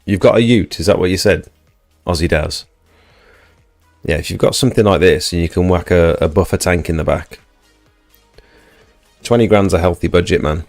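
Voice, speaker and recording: A man's voice: low voice, moderate pace, pauses often, a little mellow, no echo, soft background music. A man hosting a casual livestream, chatting and reading out viewer comments. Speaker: livestream host.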